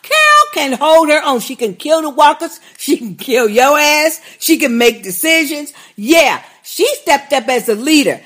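High-pitched woman ranting hard on a tv recap podcast, swearing, voice swinging all over. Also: very animated, measured pace, few pauses, fairly bright tone. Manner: fiery, profane, ranting with laughter. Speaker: podcast co-host. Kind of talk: casual TV recap chat.

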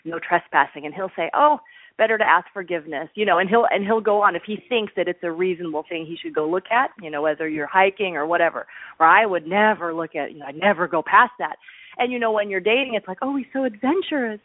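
A woman's voice: lowish voice, quick pace, no echo. A woman guest author speaks in a radio interview, telling personal stories with plenty of life. She slips into the voices of the people she quotes as she goes. The sound is a thin, tinny phone line, completely dry. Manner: lively storyteller who acts out quoted voices.

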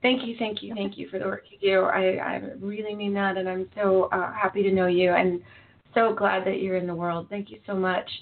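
A woman's voice: mid-range voice, little pitch movement, a little fast. A woman hosting a podcast interview, talking in an emotional, effusive way with lots of fillers. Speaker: podcast host. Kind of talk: casual interview chat. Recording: tinny phone-like line.

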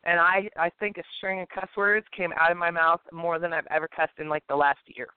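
A woman co-hosting a podcast, telling a personal story in a casual, animated way and acting out the people in it. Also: lowish voice, brisk, clean tone, no room sound. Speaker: podcast co-host. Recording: tinny phone-line sound.

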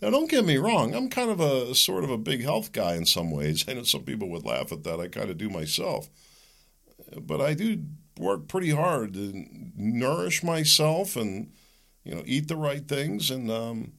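A man's voice: mid-range voice, very animated, normal speed, gravelly, fairly bright tone. A middle-aged man hosting a solo talk show, rambling, joking and opinionated in a conversational way. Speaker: podcast host.

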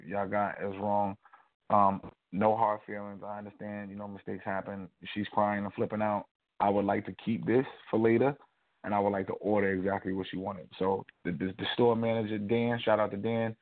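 A man co-hosting a casual talk show, telling a rambling, animated story full of fillers. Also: fairly low pitch. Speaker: co-host. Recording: tinny phone-like audio.

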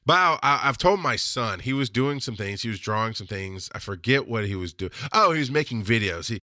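Casting note: chatty male podcast host, rambling anecdotes with quoted voices, bright tone, dry studio sound. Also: medium pitch, lively intonation, a little fast, no room sound. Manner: rambling storyteller who acts out quoted voices. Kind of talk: casual solo podcast monologue.

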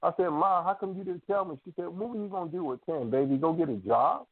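Dude telling family stories on a call, animated, tinny phone sound, dry. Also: male voice, high-pitched, fast, breathy edge, no echo. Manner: animated storyteller acting out family quotes. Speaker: radio show co-host. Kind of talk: casual storytelling chat. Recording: dry phone-line audio.

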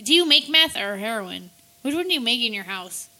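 A high-voiced woman talking in loose, crude comedic chat, full of swearing and half-finished thoughts. Her tone is bright and forceful, cutting through the banter. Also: sing-song, brisk. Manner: crude, rambling, heavy swearing. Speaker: guest.

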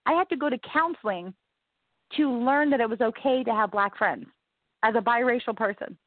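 Interviewed over a tinny, phone-like line, a woman from the American South speaks at normal speed in a fairly high voice, with no echo. She tells her own story earnestly and emphatically, often saying things twice.

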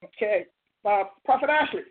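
A woman with a husky, slightly breathy voice leads a fervent prayer and then hosts the callers. She speaks in flowing, repeated phrases. The sound is thin and tinny, like a phone line. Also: medium pitch, animated, normal speed. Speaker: radio show host and prophet. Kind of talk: fervent spoken prayer and call-in hosting.

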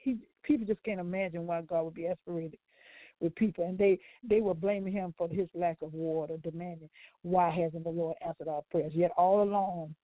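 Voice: mid-range voice, fairly even intonation, a little fast, no room sound. A co-host of a gospel talk show, preaching in an emphatic, rambling way with informal grammar and often repeating words. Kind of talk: preaching-style commentary. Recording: dry, phone-like line.

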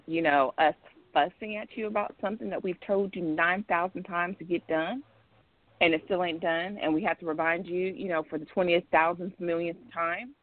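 A woman's voice: lowish voice, no room sound. A woman calling in to a casual discussion show, explaining at length in an emphatic, repetitive, rambling way. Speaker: caller. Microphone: phone. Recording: tinny phone line.

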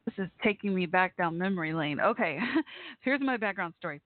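A woman's voice: on the low side, animated, brisk, dry recording. A woman hosting a casual call-in talk show, chatty and giggly, with frequent laughs and fillers. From Texas. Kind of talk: casual call-in radio chat. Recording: tinny phone-like line.

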